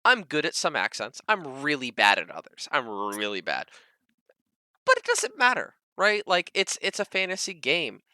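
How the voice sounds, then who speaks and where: Bright, emphatic man chatting. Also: normal speed, clear, resonant tone, dry recording. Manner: animated, emphatic, lively pitch jumps. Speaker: podcast co-host, dungeon master. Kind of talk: casual panel chat.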